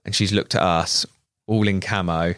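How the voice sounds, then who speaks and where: English man, low voice, dry close mic, chatty storyteller who mimics voices. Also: normal speed, clean tone, dry recording. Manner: animated anecdote teller, laughs, mimics voices. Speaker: videographer. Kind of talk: casual storytelling chat. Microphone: studio podcast mic.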